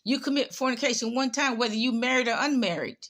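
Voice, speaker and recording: A woman talks through her commentary in a bright, forceful voice. She is sarcastic and scolding, hammering her points home by saying them twice. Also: on the high side, fast talker. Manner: sarcastic, scolding, repeats herself. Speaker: commentator on online prophets. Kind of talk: casual commentary.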